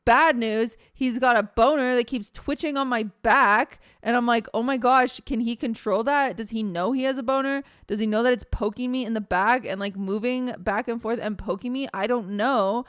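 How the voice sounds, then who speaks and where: A young woman streamer telling a story casually, animated, acting out quotes and swearing often. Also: a little high, normal speed, hardly any pauses, clear, resonant tone, dry recording, studio quality.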